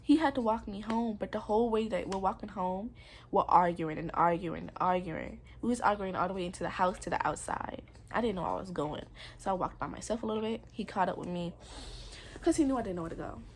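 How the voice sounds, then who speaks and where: A woman's voice: medium pitch, brisk, a little hiss or hum. Young woman telling a candid story. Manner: candid, earnest, casual slang. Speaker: vlogger. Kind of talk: personal storytime vlog.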